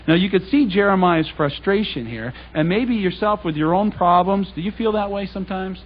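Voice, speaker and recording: A man giving a public Bible talk, reading scripture and then paraphrasing it in lively everyday speech. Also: high-pitched, moderate pace, breathy edge, highs cut off. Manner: conversational, animated, reads scripture aloud and paraphrases it in casual speech. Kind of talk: sermon. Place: congregation hall.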